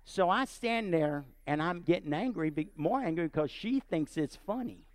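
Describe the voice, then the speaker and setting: A man preaching and telling a personal story, animated and often checking in with his listeners. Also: on the high side, moderate pace, no echo. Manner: animated, asks the audience often. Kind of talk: sermon storytelling.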